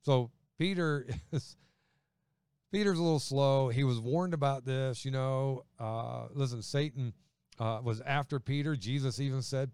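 Smooth-voiced man preaching conversationally. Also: medium pitch, unhurried, a little mellow, no echo. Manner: conversational, acts out quoted voices. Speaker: pastor. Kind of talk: sermon.

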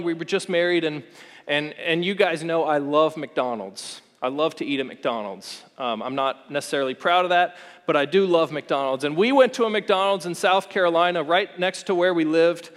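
A man in his forties preaching a sermon as pastor, earnest and repetitive, with rhetorical questions to the congregation. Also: fairly high pitch. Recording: long hall reverb.

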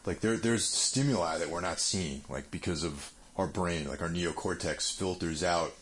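Deep-voiced man musing in casual chat. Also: moderate pace, fairly bright tone, a little hiss or hum. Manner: musing, filler-heavy, philosophical.

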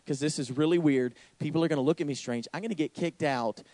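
A man's voice: on the high side, fast talker, darkish tone, no echo, close to an everyday voice. A man voicing an anxious man pleading with God while telling a story. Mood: nervous. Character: anxious man praying in a mall.

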